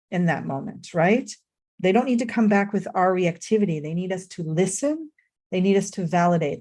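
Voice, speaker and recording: A woman teaching Torah and mindfulness in a reflective way, often checking in with her listeners. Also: mid-range voice.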